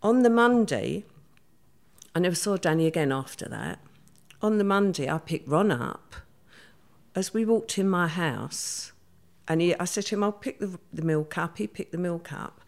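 A middle-aged woman, telling a past event in a vivid, hurried way and quoting others as she goes. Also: lowish voice, lively intonation, vocal fry. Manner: vivid, hurried retelling with many quoted voices. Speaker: interviewee. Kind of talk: conversational storytelling.

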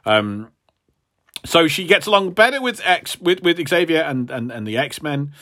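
A man's voice: fairly high pitch, very animated, a little slow, fairly bright tone. A man, a podcast co-host, casually retelling a comic story and acting out the characters' lines. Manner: rambling retelling, acts out quotes. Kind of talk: casual chat.

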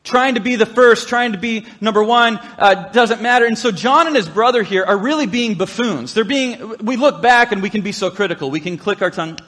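High-voiced man preaching a casual sermon. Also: brisk, hardly any pauses, a bit bright, in a large hall. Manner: casual, joking asides and playful quoted voices. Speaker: pastor.

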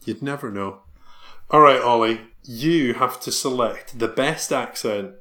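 A man's voice: mid-range voice, a little slow, pushed and bright. A man co-hosting a podcast, chatting casually and playfully quizzing his co-host with frequent laughs. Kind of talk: casual chat.

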